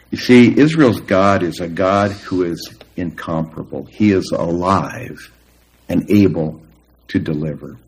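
A middle-aged man preaching a sermon, earnest and emphatic, with long pauses. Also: deep voice, rough recording. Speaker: pastor.

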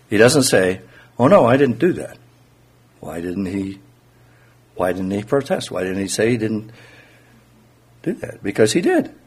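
A male preacher with a husky, slightly breathy voice delivers a sermon in a relaxed, conversational way. His pitch moves lively and wide as he asks rhetorical questions and explains the text.

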